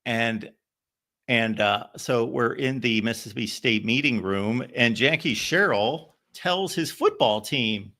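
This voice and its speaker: A man hosts a call-in show in a bright, forward voice, middle of the range for pitch. He wanders from story to story, circling back with fillers and restarts. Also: slow pace. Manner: rambling, anecdotal, many fillers and restarts. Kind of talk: casual storytelling.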